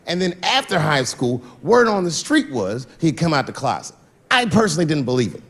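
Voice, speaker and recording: A man's voice: fairly high pitch, brisk. A man doing stand-up comedy, telling stories and acting out the people in them. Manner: animated, switching voices for characters in stories. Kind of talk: stand-up storytelling. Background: audience laughter.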